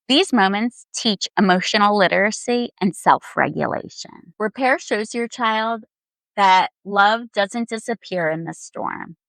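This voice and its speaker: A woman child therapist hosting a show, giving scripted parenting advice in a calm, gentle, measured way. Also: medium pitch, creaky, no echo, rough recording. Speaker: child therapist and podcast host.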